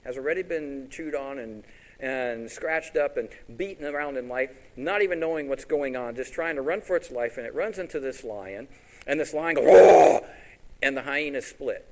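A man preaching a sermon, telling animated stories and asking his congregation rhetorical questions. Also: medium pitch, moderate pace, poor audio.

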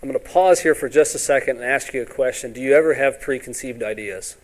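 A man preaching a sermon in a folksy way, often asking "all right?" and acting out Bible scenes in quick voices. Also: mid-range voice, darkish tone. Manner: ends points with "all right?".

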